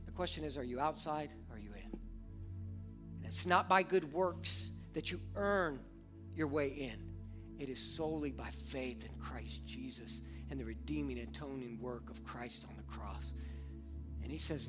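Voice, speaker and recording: A man in his thirties preaching a sermon with passion, moving between hushed earnest stretches and fervent, near-shouted appeals. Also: mid-range voice, moderate pace, faint music behind. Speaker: pastor.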